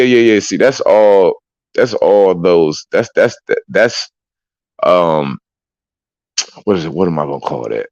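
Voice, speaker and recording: A man chatting casually as a streamer, excitable and profane with loud whoops. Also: low voice, clear, resonant tone, dry recording, dull audio. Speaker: streamer reacting to clips. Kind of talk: casual reaction chat.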